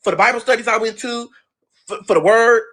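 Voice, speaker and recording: A man telling a personal story in an expressive, profane, dramatic way. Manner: expressive, profane, dramatic, quick swings of pitch. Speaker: storyteller, show guest.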